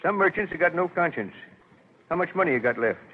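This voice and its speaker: High-voiced folksy print shop foreman, new england drawl, chatty, tinny old radio with hiss. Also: expressive, fast talker. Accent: New England rural. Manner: chatty, folksy, good-humored. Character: folksy middle-aged male New Hampshire print foreman. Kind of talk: 1940s radio acting.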